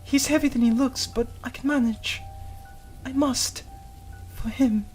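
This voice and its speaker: Woman voicing a tender devoted young woman, high voice, soft hushed visual novel narration. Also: steady tone, measured pace, soft background music. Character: Yuri, gentle devoted young woman comforting her love.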